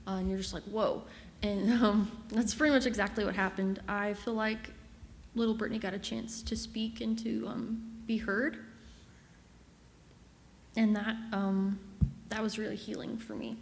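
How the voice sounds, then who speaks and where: A young woman sharing an emotional personal testimony as a camp missionary, halting and long-winded with many fillers. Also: medium pitch, flat delivery. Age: young adult. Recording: reverberant room with faint noise.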